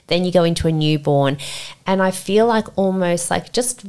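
A woman's voice: lowish voice, moderate pace, darkish tone, clean tone. A woman in her forties from Sydney with an Australian accent, a podcast guest talking candidly, reflective and rambling with many fillers. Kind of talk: candid conversational interview.

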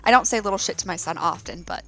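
A woman in her thirties, a podcast co-host, chatting casually and telling stories with lively laughs. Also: on the low side, fast talker, gravelly. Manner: animated storytelling with laughs. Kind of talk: casual chat.

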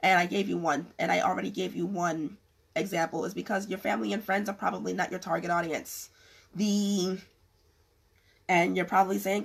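A California woman vlogger gives business advice in a casual, frank talk to camera, her voice going. Her mid-range voice is creaky, with a little hiss or hum, at a moderate pace, and she rambles with many restarts.

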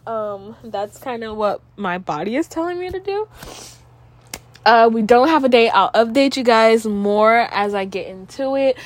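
A woman's voice: on the high side, lively intonation, unhurried. A young woman with a stuffy nose hosting her own podcast, rambling in casual chat full of "like" and swearing. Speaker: podcast host.

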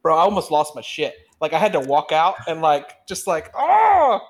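A man co-hosting a podcast, telling work stories in animated, swear-heavy casual chat. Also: a little high, a little fast. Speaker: podcast co-host.

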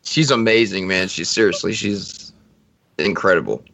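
A man co-hosting a podcast, chatting casually with enthusiastic, animated retellings. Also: low voice, moderate pace, creaky, crowd noise.

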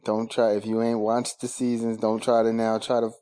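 A man's voice: fairly low pitch, monotone, normal speed, mellow. A man co-hosting a podcast, chatting in a loose, laid-back way and laughing often. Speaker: podcast co-host. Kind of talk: casual chat.

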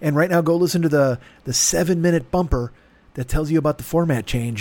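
A man's voice: fairly high pitch, animated, brisk, a little mellow, dry recording. A man hosting a comedy podcast, talking into a microphone and rambling through a profane, self-mocking plug. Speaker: podcast host. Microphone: studio microphone.

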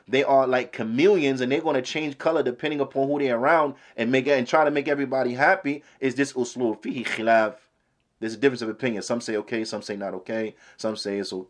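A man teaching a religious lesson who asks rhetorical questions, quotes Arabic and then translates it. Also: mid-range voice. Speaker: Islamic teacher. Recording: podcast lesson recording.

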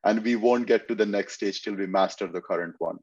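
Low-voiced earnest coach on a dull, dry mic. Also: male voice, a little mellow. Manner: earnest, measured, explains step by step. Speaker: fitness posing coach. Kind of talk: casual interview talk.

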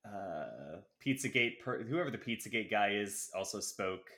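Low, bright-toned man with sarcastic asides. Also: expressive, moderate pace. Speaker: podcast co-host. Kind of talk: casual chat, reading news items aloud.

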